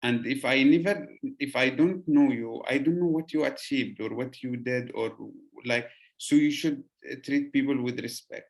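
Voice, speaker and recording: Host: man from Yemen, earnest, mid-pitched, halting. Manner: earnest, pausing with "uh". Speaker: podcast host. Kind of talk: casual conversation.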